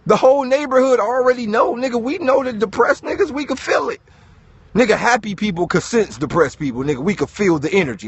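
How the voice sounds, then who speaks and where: Animated husky-voiced man giving pep talk. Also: extremely high pitch, a little fast, no echo. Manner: animated, preachy, swearing, addresses listeners as dog. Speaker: host. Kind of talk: casual motivational talk.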